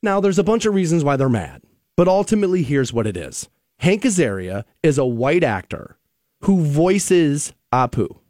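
A man's voice: fairly high pitch, a little mellow, no echo, clean studio sound. A man hosting a podcast, ranting in a heated, emphatic and profane way. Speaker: podcast host. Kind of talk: opinionated podcast rant.

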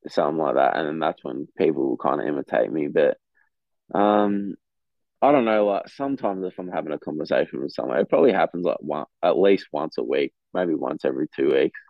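Deep-voiced Australian man on a tinny line. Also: expressive, fairly quick, creaky, dry recording. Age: young adult. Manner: laid-back, frank, swears casually. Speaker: guest athlete. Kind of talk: casual podcast chat. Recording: tinny phone-like line, dry.

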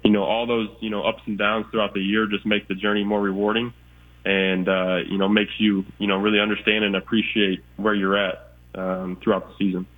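Male athlete in a played interview clip, low and monotone, lo-fi phone sound. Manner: halting, many "you know" fillers. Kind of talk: interview answers.

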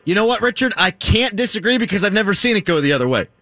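A man hosting a sports talk radio show, teasing callers in quick back-and-forth. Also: high voice, sing-song, bright, forceful tone, no room sound. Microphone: studio microphone.

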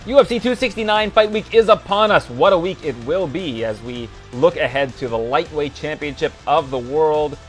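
A man hosting a sports podcast, chatting casually and quickly, laughing often. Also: a little high, expressive, faint music behind. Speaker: podcast host.

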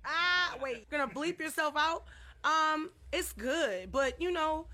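A woman's voice: sits high, animated, slow pace, sharp tone. A woman being interviewed about her music, playful and teasing, laughing often. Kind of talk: casual interview banter.

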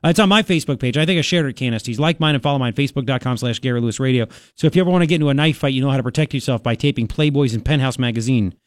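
A man hosting a talk radio show, mocking and sarcastic, with animated outbursts. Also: mid-range voice, rapid-fire, few pauses, dry recording, clean studio sound.

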